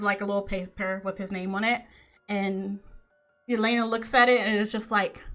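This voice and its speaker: A woman's voice: medium pitch, a bit bright. A woman narrating a tabletop game as game master, slipping into character voices for the quoted lines.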